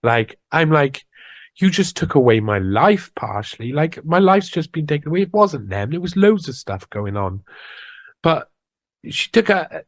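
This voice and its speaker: A man tells his own story in an interview, often stumbling and restarting mid-sentence as he replays what people said. His voice sits fairly high for a man. The recording is dry and close. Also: very animated, dry recording. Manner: halting, frequent restarts, replays past dialogue. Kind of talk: personal account.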